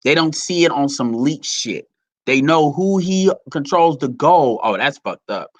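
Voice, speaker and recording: A man's voice: fairly high pitch, expressive, measured pace. A man giving heated, profane, rambling commentary to his audience. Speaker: commentary vlogger.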